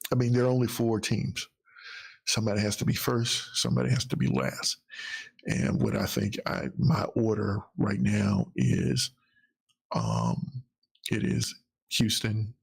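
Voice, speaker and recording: A man hosting a live football talk stream, chatting casually in a rambling, halting way with frequent restarts. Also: on the low side, vocal fry, breathy edge.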